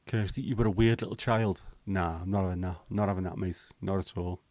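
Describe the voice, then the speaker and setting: A man's voice: sits low, fairly even intonation, a little fast, darkish tone, no room sound. A man, hosting a casual livestream chat, bantering with viewers and swearing casually. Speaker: livestream host.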